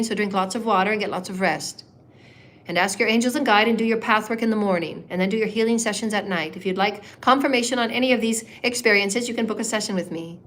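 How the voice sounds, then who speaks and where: A woman leading a live guided meditation as a spiritual healer, giving slow, soothing instructions and breaking into rapid, rhythmic chanted syllables. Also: medium pitch, fairly bright tone.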